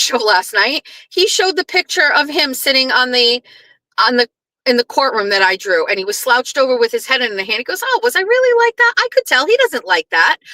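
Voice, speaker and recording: High, bright-voiced woman host. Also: no echo, low-quality recording. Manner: animated storyteller who acts out quoted lines, blunt and profane. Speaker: podcast host. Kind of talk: casual commentary monologue.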